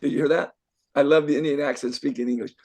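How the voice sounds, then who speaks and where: A man's voice: mid-range voice, fairly even intonation, fast, darkish tone. An older man, a life coach, giving an emphatic motivational talk to a group, repeating himself and firing rhetorical questions. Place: event room with a live group.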